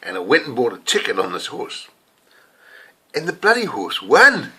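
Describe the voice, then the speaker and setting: A man's voice: mid-range voice, wildly swooping pitch, moderate pace, pauses often, sharp tone, breathy edge. An older man from New Zealand in a New Zealand accent, giving a rambling, confessional sermon full of personal stories. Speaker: lay preacher. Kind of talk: casual sermon storytelling.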